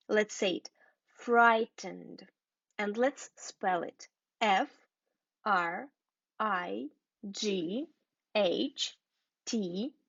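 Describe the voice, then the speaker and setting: Woman teacher, slow and deliberate, repeats and spells words for learners; dull, dry lo-fi sound. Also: medium pitch, gravelly, slightly rough, no echo. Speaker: English teacher. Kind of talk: scripted lesson for learners.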